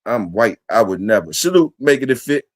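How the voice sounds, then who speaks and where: Profane, laid-back livestream host, dry sound. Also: male voice, medium pitch, sing-song, fairly quick, no room sound. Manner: loose, profane, talks to chat and reads comments aloud. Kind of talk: casual solo livestream chat.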